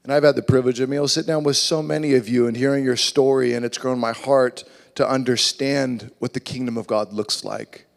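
Animated pastor preaching in a reverberant hall. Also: male voice, mid-range voice, a little fast, gravelly, hardly any pauses. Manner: animated preaching, acts out voices. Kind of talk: sermon. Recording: long reverb of a large hall.

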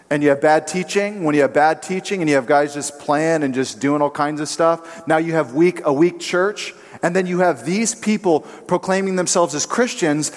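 Emphatic man preaching in a reverberant hall. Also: a little high. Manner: emphatic, acts out quotes in shifting voices. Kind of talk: sermon.

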